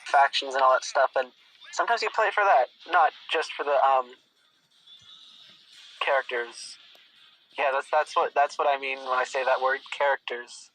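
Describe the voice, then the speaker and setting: A man's voice: medium pitch, bright, forceful tone, poor audio. A young man chatting casually as a guest, thinking aloud and restarting his sentences often. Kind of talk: casual chat.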